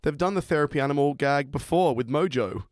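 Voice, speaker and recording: A man guest on a casual podcast, wry with deadpan jokes. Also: fairly high pitch, a little fast, no echo, studio quality. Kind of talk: casual chat.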